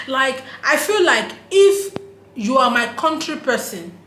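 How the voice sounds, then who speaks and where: A woman's voice: high-pitched, very animated, slow, fairly bright tone. A woman from Nigeria with a Nigerian accent, vlogging in a casual, emphatic monologue, laughing often and slipping into pidgin phrases. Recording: roomy echo.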